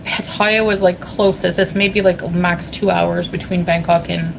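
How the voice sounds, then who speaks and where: A woman's voice: on the low side, little pitch movement, measured pace, gravelly, noisy background. Giggly chatty woman on a livestream. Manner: giggly, chatty, many fillers. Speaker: vlogger reading chat. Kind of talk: casual livestream chat. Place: hotel room.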